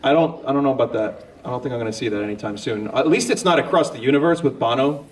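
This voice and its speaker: A man with a mid-range voice talks quickly while answering audience questions on a comedic convention panel, rambling and joking at his own expense. The distant mic in the crowded hall adds a little hiss or hum.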